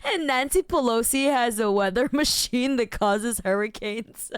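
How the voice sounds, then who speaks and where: A woman's voice: mid-range voice, lively intonation, moderate pace, hardly any pauses, smooth, no room sound, studio quality. A woman streamer chatting casually, reacting to news and her chat with giggles and mock outrage.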